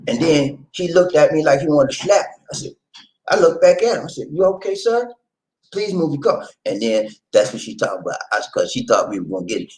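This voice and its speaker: A middle-aged man hosting his vlog at home, telling stories in a folksy, animated way and talking straight to his viewers. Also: medium pitch, brisk, low-quality recording. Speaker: vlog host. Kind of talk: casual storytelling chat to camera. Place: home in the Philippines.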